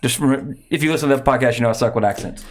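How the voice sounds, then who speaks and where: Male podcast host, mid pitch, loose rambling delivery, self-corrects, chuckles. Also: rapid-fire. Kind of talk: casual podcast chat.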